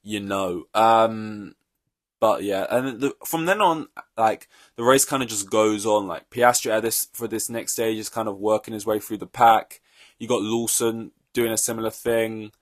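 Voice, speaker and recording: A man's voice: fairly low pitch, fairly even intonation, moderate pace, no echo, clean studio sound. A young man hosting a solo podcast, reacting to a race in an offhand, rambling way, swearing freely. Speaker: podcast host.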